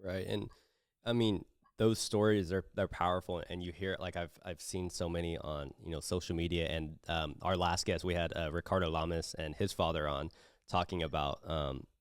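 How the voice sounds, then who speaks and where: A man hosting a podcast, talking in a relaxed, supportive way with fillers between his guest's stories. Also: low voice, normal speed, clear, resonant tone, no room sound. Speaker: podcast host. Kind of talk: casual interview talk.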